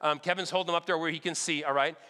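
A man preaching a sermon, telling lively stories in an animated way and checking in with his listeners again and again. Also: fairly high pitch, racing. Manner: animated, checks in with "all right?" often. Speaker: pastor. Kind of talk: storytelling sermon. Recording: long hall reverb.

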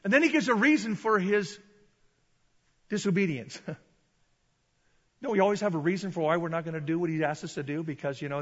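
A male preacher delivers a sermon with a high, bright voice, animated and given to shouted peaks. The sound is dull and carries a long reverb from a large hall.

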